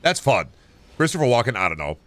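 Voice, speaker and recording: A man's voice: medium pitch, sing-song, fast talker, a bit bright, no room sound. A man streaming a video game, chatting in a rambling, jokey way with plenty of swearing. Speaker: gaming streamer. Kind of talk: casual stream chat.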